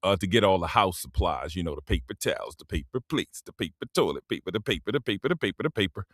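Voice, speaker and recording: A man hosting a casual live stream, talking in a laid-back, rambling way into a simple microphone, often clearing his throat. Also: low-pitched, animated, fast, no room sound, studio quality.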